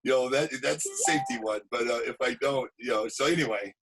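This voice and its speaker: A man, an actor and stuntman, telling animated anecdotes in a casual interview, acting out quotes. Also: medium pitch, fast talker, soft background music, poor audio.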